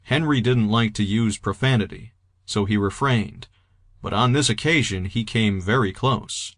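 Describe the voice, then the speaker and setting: A man's voice: fairly low pitch, a little slow, fairly bright tone, no echo. Man narrating an audiobook in a dry studio. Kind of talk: scripted narration.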